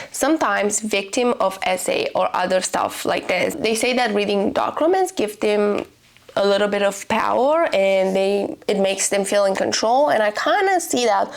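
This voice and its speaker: A young woman book vlogger ranting casually to camera, swearing and incredulous. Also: high voice.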